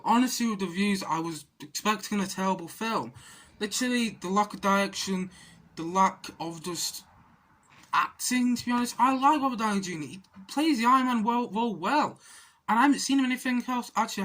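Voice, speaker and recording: A woman's voice: medium pitch, fairly bright tone. Rambling woman reviewing a film. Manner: rambling, frequent restarts, swings into exasperated rants. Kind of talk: casual spoken film review.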